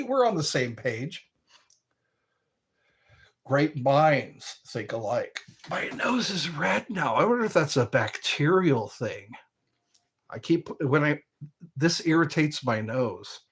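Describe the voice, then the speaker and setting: Replying to viewer comments, a livestream host keeps things casual and meandering, chuckling often. His mid-range voice has a slightly bright quality.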